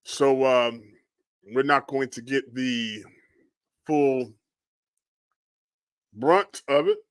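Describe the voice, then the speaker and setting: A man from Florida hosting a livestream and commenting on storm damage photos, murmuring hushed, prayerful exclamations between his remarks. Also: medium pitch, steady tone, very slow, clean tone, no echo. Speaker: livestream host.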